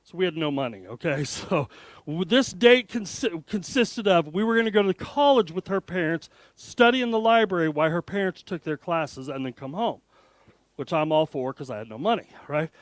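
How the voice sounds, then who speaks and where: Animated man telling a funny story. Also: fairly high pitch, normal speed, dry recording. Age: 50s. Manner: animated, self-deprecating, joking. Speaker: guest speaker. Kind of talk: humorous storytelling talk to an audience.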